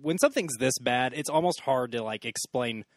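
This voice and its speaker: Sarcastic, animated male podcast co-host; very expressive pitch, dry sound. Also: moderate pace, dry recording. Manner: animated, sarcastic, mock-shouts at characters. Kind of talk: casual movie review chat.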